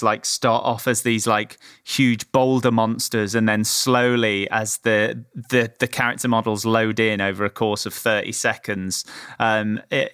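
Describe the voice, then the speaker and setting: Man, casual chat, rambling, bright forceful tone, dry close sound. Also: medium pitch, clean tone, no room sound. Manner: rambling, many fillers and restarts. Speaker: game reviewer.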